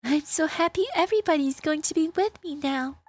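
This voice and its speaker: A woman reading aloud for a frightened young girl from a game, soft, small and childlike. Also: sits high, fairly quick, faint music behind, voice pushed up, lightly acted. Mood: relieved.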